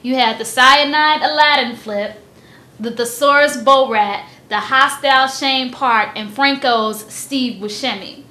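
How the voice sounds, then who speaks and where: Bright, tense woman host, kinda high, echoey room with a bit of hiss. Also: unhurried. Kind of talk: show host presenting battle highlights.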